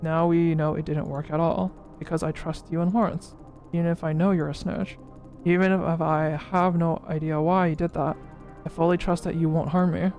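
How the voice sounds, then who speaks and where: Streamer voicing a story game's dialogue, middle pitch, faint music behind. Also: flat delivery, normal speed, a little mellow. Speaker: game streamer reading dialogue aloud. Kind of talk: voicing visual novel dialogue in a playthrough.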